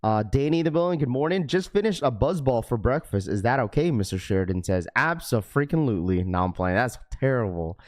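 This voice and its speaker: A man's voice: mid-range voice, animated, brisk, hardly any pauses, a little mellow. Young male streamer, easygoing and upbeat, rattling off greetings to chat. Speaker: live stream host. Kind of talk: casual live stream chat.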